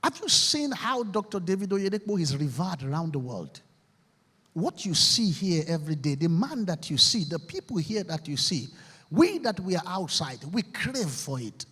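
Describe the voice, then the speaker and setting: Guy giving a fired-up talk, high lively voice, husky edge, big echoey hall. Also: normal speed. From Nigeria. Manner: preacherly, leads call-and-response affirmations. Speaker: motivational speaker. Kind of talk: rousing speech to a university crowd. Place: large university auditorium. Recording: echoey hall with long reverb.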